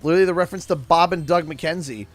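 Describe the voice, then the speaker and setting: A young Canadian man chatting casually on a gaming livestream, laughing often and talking excitably as he reads out chat. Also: a little high, quick pace, soft background music. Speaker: streamer.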